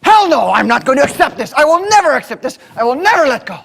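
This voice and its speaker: A man acting out an angry middle-aged audience member who shouts back at a speaker. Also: very high-pitched, big pitch swings, fast talker, vocal fry, pitched above the performer's own voice, full character voice. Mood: furious. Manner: shouting, indignant, heckling.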